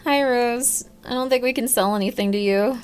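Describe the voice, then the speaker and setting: A woman's voice: fairly high pitch, moderate pace, faint music behind. A woman streaming a horror game, chatting casually, reading chat and breaking into sudden yelps. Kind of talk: casual live game commentary.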